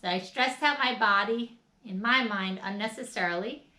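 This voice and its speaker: A woman's voice: medium pitch, normal speed, pushed and bright, echoey room. A woman leading a guided laughter and movement class, upbeat and coaching, with bursts of laughter. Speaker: wellness instructor.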